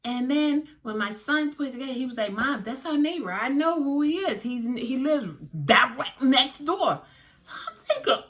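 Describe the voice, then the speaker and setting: A woman vlogger telling a story to her viewers in a dramatic, animated way, acting out the dialogue, with features. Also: sits high, moderate pace, hardly any pauses.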